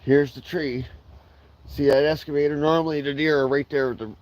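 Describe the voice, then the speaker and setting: A man's voice: fairly high pitch, fairly even intonation, fairly quick, darkish tone, rough recording. A man chatting on a casual live stream from his backyard, rambling and swearing freely as he drifts between topics. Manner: rambling, profane, digressive. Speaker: livestreamer.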